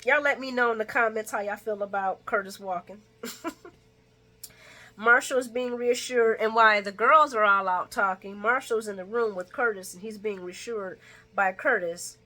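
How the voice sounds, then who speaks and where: Chatty woman host, bright voice, casual recap with frequent laughs and quoted lines. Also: moderate pace. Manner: chatty, laughs often, acts out characters' lines in a higher voice. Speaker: soap opera recap vlogger.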